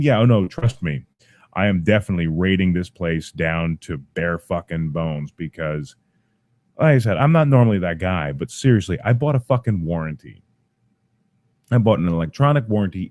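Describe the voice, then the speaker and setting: A man's voice: on the low side, dark tone, no echo. Swearing, exasperated man ranting. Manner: profane, exasperated. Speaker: parent. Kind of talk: angry rant to camera.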